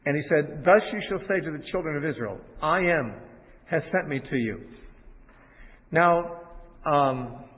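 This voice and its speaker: A man teaching a sermon, paraphrasing scripture in a conversational way with fillers and restarts. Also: a little high. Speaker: Bible teacher. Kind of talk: expository sermon. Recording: tinny phone-like sound with long reverb.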